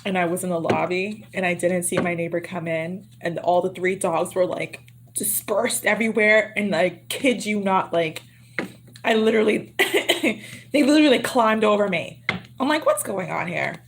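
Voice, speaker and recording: A woman's voice: moderate pace, noisy background. A woman reading tarot on a livestream, talking in a chatty, laughing, teasing way with a slightly sore throat. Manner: lowers her voice to a hush. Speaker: tarot reader.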